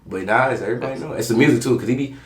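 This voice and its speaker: Fast-talking slangy guy, echoey room. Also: mid-range voice, crowd noise. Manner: animated, slangy, swearing, mimics others. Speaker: podcast co-host. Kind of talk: casual chat.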